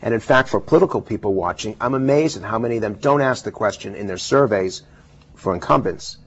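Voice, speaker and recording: A man with a husky voice giving emphatic, explanatory answers as a guest in a televised interview. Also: fairly low pitch, expressive, fairly quick. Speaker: political pollster guest. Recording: dull lo-fi television audio.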